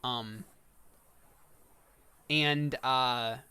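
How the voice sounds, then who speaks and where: A man's voice: medium pitch, steady tone, drawn-out words, pushed and bright, smooth, no echo. A man narrating as game master for a tabletop role-playing game, casual and rambling with asides.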